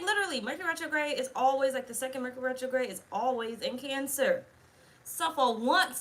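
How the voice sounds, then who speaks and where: A woman's voice: a little high, brisk, fairly bright tone. A woman talking casually as a tarot reader, blunt, chatty and full of swearing. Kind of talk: casual tarot video chat.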